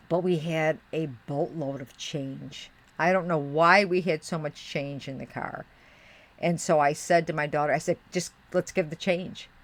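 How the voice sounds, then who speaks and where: A middle-aged woman from Western New York, her accent tinged with the Midwest, chatting casually with her live-stream viewers while crafting, rambling and muttering as she searches. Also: deep voice. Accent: Western New York with Midwestern touches.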